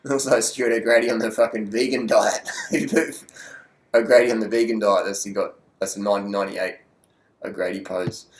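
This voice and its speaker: Crude, excitable man commentating cycling. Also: on the low side, moderate pace, reverberant, a little hiss or hum. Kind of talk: casual race commentary over highlights.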